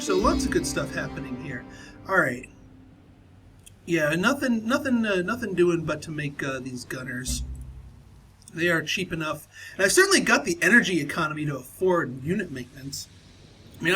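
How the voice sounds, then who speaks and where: A man's voice: high voice, fairly bright tone, slight background noise, poor audio. A man casually commentating his own strategy game playthrough, chatty and full of fillers and restarts. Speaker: gameplay commentator.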